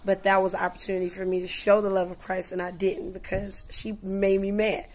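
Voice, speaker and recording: A woman vlogging in a casual, chatty way, full of "you know" and "like", who acts out conversations with lively voices. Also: mid-range voice, fairly quick. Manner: animated, acts out dialogue in voices. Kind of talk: casual storytelling vlog.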